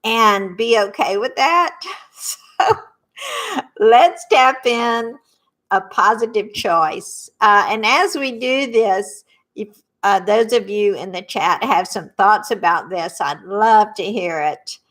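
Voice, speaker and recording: A middle-aged woman with a Southern accent guides a tapping workshop in a slow, soothing cadence. She leaves room for listeners to echo her phrases. Her pitch sits in a middling range. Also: a bit bright. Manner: slow, soothing, lets viewers repeat after her.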